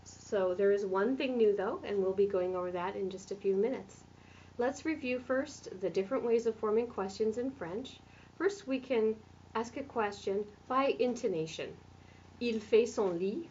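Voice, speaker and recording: A woman's voice: medium pitch, moderate pace, a little mellow, a little hiss or hum. A woman French teacher who explains questions step by step while writing on a board in a classroom. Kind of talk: classroom grammar lesson. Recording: distant lo-fi classroom recording.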